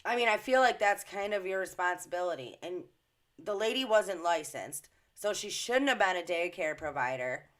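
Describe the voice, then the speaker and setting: A woman's voice: fairly low pitch, lively intonation, normal speed, a bit bright. A woman doing reaction commentary on a vlog, ranting in a blunt, indignant way. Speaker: commentary vlogger.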